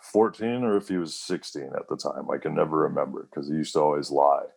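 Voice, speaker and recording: A man's voice: extremely low pitch, a little fast, vocal fry, darkish tone, husky. A man in his thirties, a wrestler guest, telling rambling stories in a casual interview, full of fillers and quoted voices.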